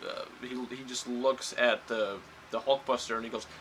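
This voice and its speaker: A man's voice: mid-range voice, level tone, normal speed, noisy background. A man giving a casual spoiler review of a film, rambling with lots of fillers and restarts. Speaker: movie reviewer.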